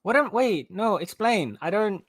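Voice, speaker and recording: Excitable voice with a South African accent. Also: medium pitch, unhurried, breathy edge, dry recording, clean studio sound. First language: Afrikaans. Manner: excitable, laughs a lot. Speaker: gaming stream co-player. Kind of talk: casual chat.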